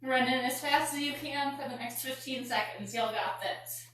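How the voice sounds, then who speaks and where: A woman's voice: high voice, normal speed, a bit bright. A woman leading a live workout class, coaching with counts and audible exhales while out of breath. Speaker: fitness and yoga instructor. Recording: very echoey room, distant mic, faint noise.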